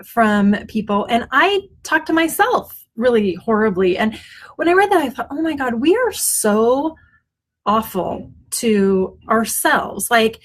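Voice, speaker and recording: A woman's voice: a little high, sing-song, unhurried. Woman vlogging at home, chatty self-help talk, middle-aged, lots of ums. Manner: chatty, warm-hearted, many ums and restarts; often glances at her notes. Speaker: web designer hosting a weekly mindset video. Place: at home, front yard noise outside.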